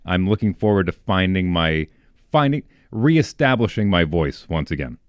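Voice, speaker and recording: A man co-hosting a podcast, in a relaxed, reflective casual chat with frequent restarts. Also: deep voice, moderate pace, no room sound. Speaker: podcast co-host.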